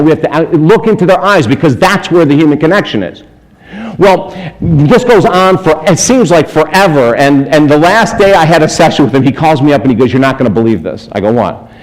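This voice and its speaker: A man giving a storytelling sermon as a spiritual speaker, animated, chuckling often and acting out the people in his stories. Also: fairly high pitch, rough recording. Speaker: spiritual speaker and life coach. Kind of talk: storytelling sermon to a live audience.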